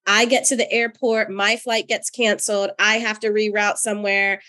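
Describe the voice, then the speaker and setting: A woman's voice: medium pitch, normal speed. Chatty woman podcast host, laughing often. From North Carolina. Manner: animated, laughs often, chatty with many fillers. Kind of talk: casual chat and personal storytelling.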